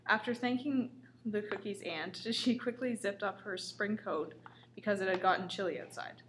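A woman's voice: medium pitch, normal speed, fairly bright tone, a little hiss or hum. A woman reading a comic story aloud in a casual way, with small stumbles. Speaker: story reader.

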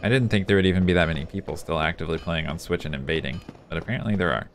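A man's voice: sits low, rapid-fire, slight background noise. A man commentating his own gameplay live, venting frustration and talking to his chat. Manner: frustrated, talks to himself and chat while playing. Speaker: gaming streamer. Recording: music playing behind.

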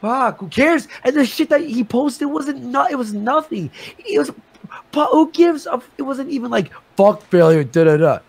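Gravelly, heated man arguing on stream. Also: very high-pitched. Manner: agitated, swearing, rapid shifts in loudness; talks in quick bursts with restarts. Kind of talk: heated argument on a live stream.

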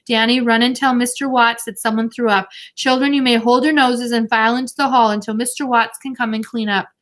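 A woman's voice: a little high, fairly even intonation, a bit bright, voice pushed up, close to an everyday voice. Woman reading as a flustered schoolteacher. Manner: brisk, giving orders.

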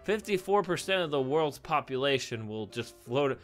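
A man's voice: mid-range voice, expressive, normal speed. A young man commenting casually on a quiz game, rambling, thinking aloud and laughing often. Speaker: gaming YouTuber. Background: faint background music.

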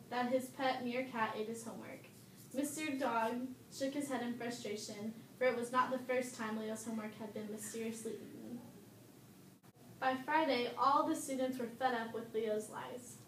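A woman's voice: fairly high pitch, fairly even intonation, normal speed, distant mic, a little hiss or hum. Woman reading a children's story, echoey.

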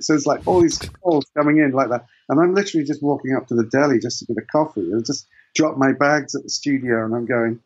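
A man's voice: mid-range voice, a little mellow, slightly rough, dull audio. A man, a guitarist guest in an interview, telling long rambling anecdotes with many restarts. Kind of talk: casual storytelling interview.

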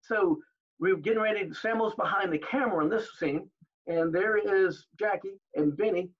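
An older man telling stories as an interview guest, animated, acting out the exchanges he recalls. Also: high-pitched, moderate pace, dull audio. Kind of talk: storytelling in an interview.

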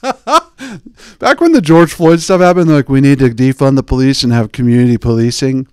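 A man hosting a podcast, telling jokey, digressive stories and slipping into quick impressions of the people he quotes. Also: mid-range voice, animated, darkish tone, clean tone, dry recording, clean studio sound. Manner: digressive, joking, mimics people in quoted asides. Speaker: podcast host. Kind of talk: rambling comedic podcast chat.

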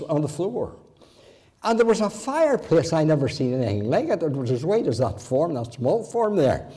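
A man's voice: a little high, warm tone. A man in his eighties with a Northern Irish accent, preaching in a church and weaving homely childhood stories into his sermon, with the odd restart. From Northern Ireland. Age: 80s. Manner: homely anecdotes with occasional restarts. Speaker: guest preacher. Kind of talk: folksy storytelling sermon.

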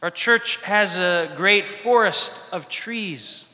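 A man who is a priest, preaching a sermon in measured phrases with dramatic pauses, in a church. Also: high-pitched, sharp tone. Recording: long church reverb.

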